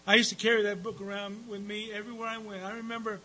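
Man speaker at a recovery meeting, high bright voice, rambling storytelling with fillers and cussing. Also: little pitch movement, fast, slight background noise, poor audio. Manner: rambling, with frequent fillers and profanity. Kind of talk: personal storytelling talk.

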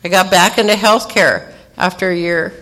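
A woman's voice: fairly low pitch, normal speed, bright, forceful tone. Older california woman sharing at a meeting, candid, pokes fun at herself. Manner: candid, self-mocking storyteller who acts out other people's voices. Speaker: recovery meeting speaker. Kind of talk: personal recovery share.

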